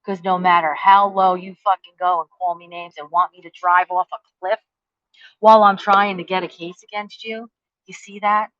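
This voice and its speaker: A woman's voice: on the low side, flat delivery, normal speed, dry recording, muffled recording. A woman, delivering a profane, confrontational rant, taunting with rhetorical questions and heavy cursing. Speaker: vlogger. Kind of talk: angry rant to the camera.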